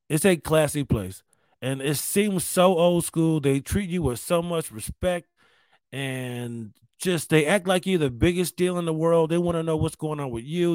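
A man's voice: a little high, dry recording. Rambling comedian man, dry close sound. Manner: rambling, swearing, lots of restarts and fillers. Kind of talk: casual storytelling.

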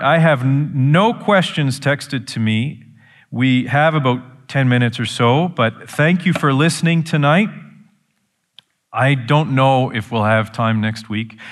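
A male pastor teaching from the Bible in a conversational sermon, earnest, with emphatic peaks. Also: on the low side.

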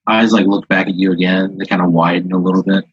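Casting: low-voiced man spinning a rambling improvised tale, husky tone, dull dry audio. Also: flat delivery, no room sound. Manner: rambling, halting, many "like"s. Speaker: improv storyteller. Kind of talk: improvised second-person storytelling.

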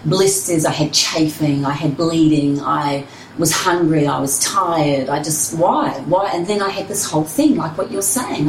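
A woman's voice: low-pitched, measured pace, reverberant, distant mic, slight background noise, rough recording. A woman, a personal trainer and runner, telling her story candidly and expressively in an interview.

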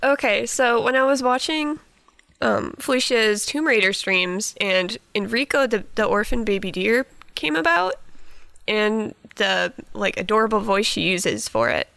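Bright, gravelly-voiced young woman guest. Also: fairly high pitch, expressive, unhurried, no room sound. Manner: soft-spoken, giggly, hesitant. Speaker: podcast guest. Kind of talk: casual podcast interview.

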